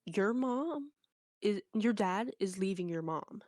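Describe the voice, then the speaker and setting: A woman quoting her three-year-old boy cousin in a higher, blunt child's voice. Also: animated, slow, darkish tone, no room sound, clean studio sound. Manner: blunt, matter-of-fact kid talk.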